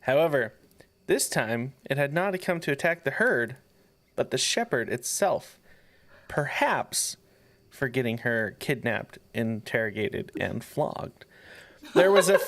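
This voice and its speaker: A man's voice: mid-range voice, a bit bright. A man co-hosting a podcast, reading a folk tale aloud and breaking off playfully to joke. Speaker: podcast co-host.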